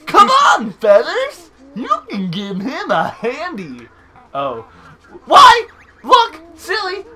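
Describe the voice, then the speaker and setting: A man voicing a peppy little male mole teacher in a high, excited, choppy way while reading game text. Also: takes it slowly, full character voice.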